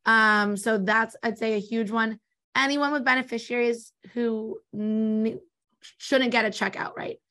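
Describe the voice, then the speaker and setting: Fast-talking Californian woman. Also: on the high side, steady tone, pushed and bright. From born in New York, raised in Los Angeles. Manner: talks fast, explanatory. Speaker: guest, estate planning attorney. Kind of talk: casual interview answers.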